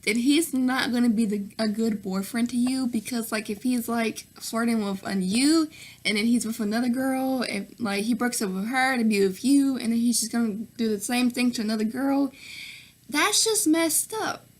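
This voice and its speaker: A woman's voice: a little high, fairly even intonation, normal speed. A young woman from Nashville with a Southern accent, chatting through viewer questions in a casual vlog, full of fillers and pet names, often laughing between answers. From Nashville, Tennessee. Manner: chatty, full of fillers and "girl", "sis", "y'all". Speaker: vlogger.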